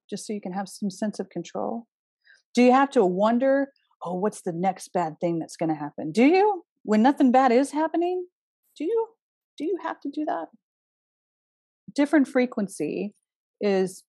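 A woman's voice: fairly high pitch, mellow, dry recording, clean studio sound. A woman giving an astrology talk in a casual, earnest way, pressing her point with emphatic rhetorical questions and the odd blunt swear word. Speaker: astrology speaker.

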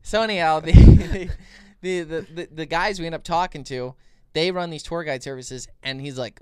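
A man co-hosting a podcast, telling a long story in casual chat, rambling and animated with many restarts. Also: fairly high pitch, moderate pace, clean tone, no room sound, clean studio sound. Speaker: podcast co-host.

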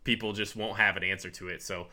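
A man's voice: fairly low pitch, steady tone, quick pace, bright, forceful tone. A man co-hosting a podcast, chatting casually and animatedly, laughing easily as he runs through his picks. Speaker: podcast co-host. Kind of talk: casual chat ranking picks.

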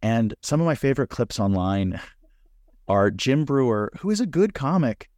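A man hosting a podcast interview, teasing his guest in a deadpan, mock-serious way. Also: mid-range voice, moderate pace, dry recording, studio quality. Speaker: podcast host.

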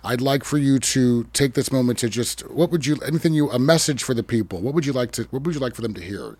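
A man's voice: medium pitch, quick pace, no room sound. A man hosting a podcast interview, asking questions and affirming his guest. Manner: affirming, encouraging, steady. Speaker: podcast host. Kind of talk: casual interview talk.

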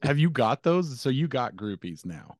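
A man's voice: mid-range voice, big pitch swings, moderate pace, no echo, clean studio sound. A man co-hosting a casual podcast, reacting to his guest with short comments. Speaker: podcast co-host.

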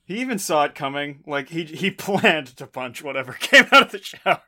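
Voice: medium pitch, big pitch swings, brisk, pushed and bright. A player in a tabletop game, talking casually about their character and laughing often.

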